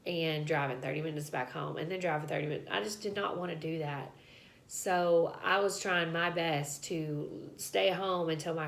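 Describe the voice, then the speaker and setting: A woman's voice: low voice, creaky. A young woman, telling a personal story to camera in a chatty, casual way, laughing and filling with "like" and "um.". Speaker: vlogger.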